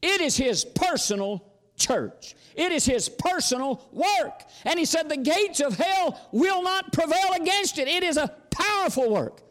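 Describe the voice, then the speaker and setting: A man's voice: very high voice, sing-song, a little slow, a bit bright, big-room sound. A man preaching a sermon, folksy and storytelling, sometimes exclamatory and sometimes chatty. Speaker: visiting preacher.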